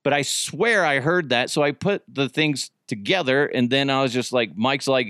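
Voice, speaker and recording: A man in his thirties tells old radio stories, rambling and swearing freely. He jumps in pitch when he gets excited and keeps restarting his sentences. His voice sounds close and dry. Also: normal speed, hardly any pauses, smooth, no room sound. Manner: rambling, profane, animated, self-correcting. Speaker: podcast host, former radio producer. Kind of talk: casual storytelling.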